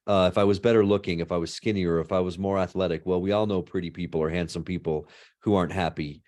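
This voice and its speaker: A middle-aged man, a law and ethics professor, answering interview questions in an animated storytelling way, often tagging "right?". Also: deep voice, quick pace.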